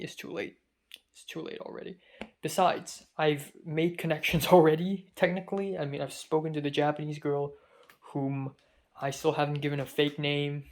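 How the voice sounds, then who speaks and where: A young adult film student vlogger from Hong Kong, his voice a little high, rambles through a casual storytelling monologue. He's chatty, self-deprecating, and prone to wandering asides.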